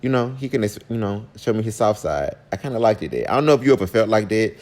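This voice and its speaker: A man with a fairly low voice tells a personal story in a chatty storytime vlog. He talks straight to his viewers and his pitch jumps up suddenly when he gets worked up. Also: expressive, fast talker, a little mellow.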